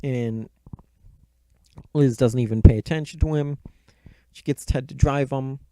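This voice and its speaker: A man's voice: mid-range voice, a little slow, warm tone, no room sound. A man casually recapping a movie plot in a rambling, profane, offhand way. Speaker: movie reviewer.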